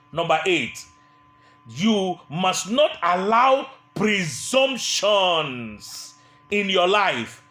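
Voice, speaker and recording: A man's voice: high-pitched, fairly bright tone, echoey room. A man preaching a sermon, emphatic and repetitive, sometimes mimicking the people he criticizes.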